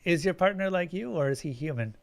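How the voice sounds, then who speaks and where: A man's voice: fairly high pitch, expressive, fairly quick, vocal fry, pitched above the performer's own voice. A man doing a flustered, stammering young man. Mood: nervous. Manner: hesitant, stammering.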